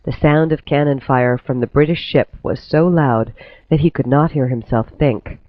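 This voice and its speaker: A man reading a history story aloud in steady, clear scripted narration. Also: medium pitch, moderate pace, no room sound. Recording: tinny phone-like dry recording.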